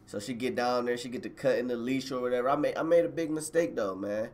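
A man's voice: mid-range voice, quick pace, few pauses, a little mellow. A man telling a rambling story to his livestream viewers in slangy casual chat, talking to them directly on a phone at home. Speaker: live streamer telling a personal story.

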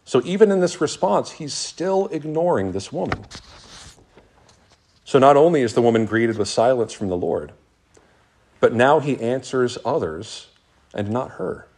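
Lively-voiced pastor preaching a sermon. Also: male voice, medium pitch, slightly rough. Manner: earnest, reads scripture aloud with dramatic pauses.

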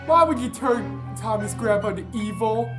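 A woman hosting a homemade puppet show, chatting with her puppets in an excited, chatty way. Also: fairly high pitch, moderate pace. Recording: echoey room with music behind.

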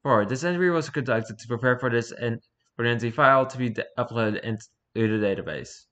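A man casually reading online horror fiction aloud, with an offhand, dry delivery. His voice is bright and forceful. He sits at an ordinary speaking pitch. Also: brisk. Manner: dry, offhand, joking asides.

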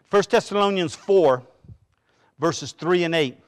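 A man's voice: fairly high pitch, a little slow. A middle-aged man preaching a sermon in a church, talking conversationally with personal stories and frequent restarts. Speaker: pastor. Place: church sanctuary.

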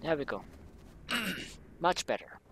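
Gravelly, swearing man gaming. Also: on the high side, sing-song, slow pace, a little hiss or hum. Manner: swears a lot, yells at the game. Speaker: let's play gamer. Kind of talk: casual gameplay commentary.

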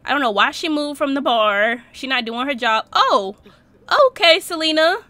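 Young woman, high bright voice, lively pitch swings, slangy gameplay commentary, animated. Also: normal speed, dry recording. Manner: animated, slangy, laughing at the game. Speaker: Sims let's-play host.

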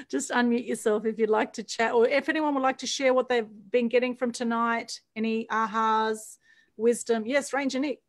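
A woman hosting an online meetup over a video call, bubbly and quick to laugh and praise. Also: on the high side, steady tone. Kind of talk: casual group video call chat.

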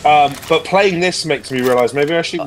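Man gaming w friends, blunt and jokey, swears, slightly high voice, crowd noise behind him. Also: moderate pace. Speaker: streamer guest. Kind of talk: casual gaming chat.

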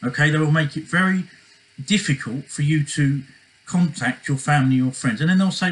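A man's voice: on the high side, big pitch swings, moderate pace, a bit bright, rough recording. A man giving relationship advice in a casual monologue, earnest and repetitive, often checking in with "okay?".

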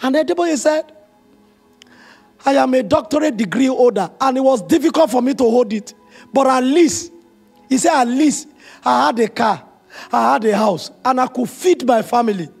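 Raspy high-voiced preacher. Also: male voice, moderate pace, soft background music. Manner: emotional, animated storytelling with quoted dialogue. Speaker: pastor. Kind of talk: sermon.

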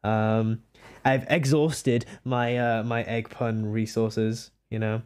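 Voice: medium pitch, flat delivery, slow, a little mellow, clean tone. A young adult streamer chatting casually with live chat while drawing, rambling and often breaking into giggles. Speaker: livestreamer.

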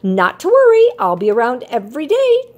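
A bubbly little yellow songbird teacher from a picture storybook, put on by a woman reading aloud. She chirps high and eager, her voice leaping all over the place with a slightly breathy edge. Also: normal speed, heavily acted. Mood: excited, bossy. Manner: bright, excited chirping. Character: cheerful little female yellow bird teacher.

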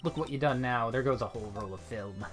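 A man voicing a brash, loud Southern woman photographer with an exaggerated drawl. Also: medium pitch, fast talker, faint music behind, lightly acted. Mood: indignant. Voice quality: exaggerated drawl, folksy talk.

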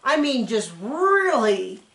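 A woman's voice: on the high side, very animated, takes it slowly, fairly bright tone. A woman doing a casual, chatty reaction recap of a TV episode, with sarcastic asides. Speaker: TV recap reviewer. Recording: roomy echo.

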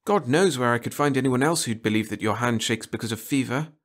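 A man's voice: mid-range voice, fairly quick, lightly acted. A man voicing a hungover, self-pitying male actor who pleads and whines, in a read-aloud story. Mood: whiny, pleading. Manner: pleading, whining.

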